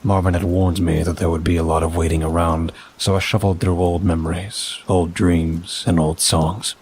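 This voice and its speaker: A man reading a first-person story aloud, measured and steady. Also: low-pitched, a little hiss or hum. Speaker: narrator. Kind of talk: scripted story narration.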